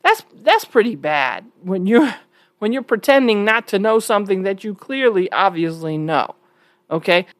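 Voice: mid-range voice, expressive, normal speed, dry recording. Frank, stammering vlog host, dry close sound. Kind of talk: casual opinion commentary.

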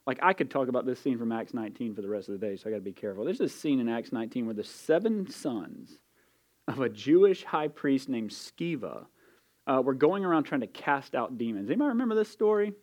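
A man's voice: mid-range voice, sing-song, fast, a little mellow. A man preaching a sermon as pastor, conversational and emphatic, with casual asides to the congregation. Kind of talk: expository sermon.

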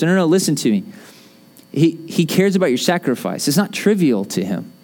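A man pastor delivering a sermon in a conversational, joking and animated manner. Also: a little high, a little fast.

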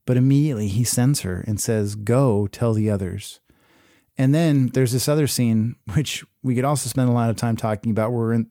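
A man giving a sermon, reading scripture aloud and then explaining it in a relaxed, conversational way with many fillers. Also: mid-range voice, no room sound, studio quality. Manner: casual, conversational preaching with fillers. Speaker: pastor.

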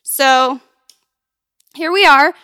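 A woman's voice: high voice, drawn-out words, bright, forceful tone, dry recording, clean studio sound. A woman co-hosting a casual chat podcast, giggly and chatty, explaining drink recipes. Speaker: podcast co-host.

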